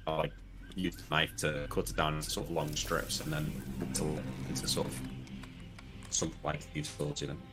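A man's voice: a bass voice, level tone, moderate pace, vocal fry, loud music behind the voice. A man playing a tabletop game over an online voice call, chatty and thinking aloud as he talks. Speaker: player. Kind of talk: casual tabletop game play.

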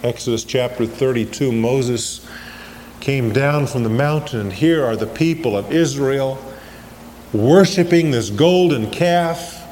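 A man's voice: medium pitch, darkish tone. A man preaching a sermon, stressing scripture quotes and putting questions to his congregation. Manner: emphatic, slows down and swells on scripture quotes, asks the congregation questions. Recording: long hall reverb with faint ambient noise, 1980s church recording.

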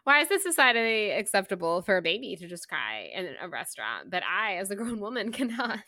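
Bright-voiced woman podcast co-host. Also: medium pitch, fairly quick, dry recording. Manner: animated retelling with quoted character voices. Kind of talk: casual book-club chat.

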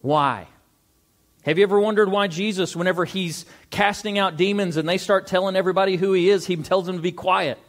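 A man's voice: high-pitched, fairly even intonation. A male pastor preaching a sermon, reading scripture aloud and asking the congregation rhetorical questions. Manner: reads scripture aloud, slows for stressed words.

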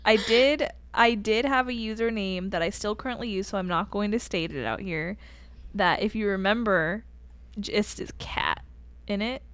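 A woman's voice: medium pitch, moderate pace, a bit bright, clear, resonant tone, dry recording. A young woman co-hosting a podcast over a video call, talking casually with wry, self-deprecating humor. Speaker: podcast co-host.

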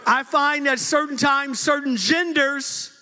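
A middle-aged man preaching a sermon, lively and joking, often laughing as he talks. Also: very high-pitched, measured pace. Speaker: pastor.

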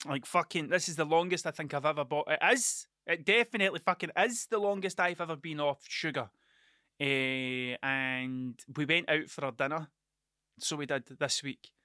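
Speaking at a normal pace, a middle-aged podcast host with a fairly high, sharp yet smooth voice rambles through profane stories on his casual solo show, cutting himself off and starting over. It's a studio-quality recording with no room sound.

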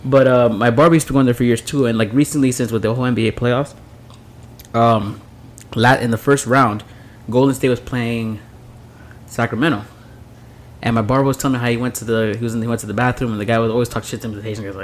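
Podcast co-host, male, lively raconteur; mid-range voice, faint background noise. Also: medium pitch, fast talker. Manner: animated storyteller, laughs through punchlines. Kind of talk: casual drinking-podcast chat.

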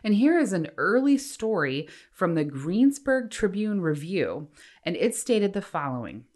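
A woman's voice: lowish voice, very animated, a little slow, darkish tone. A woman co-hosting a casual podcast, reading out facts and dropping wry asides. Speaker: podcast co-host.

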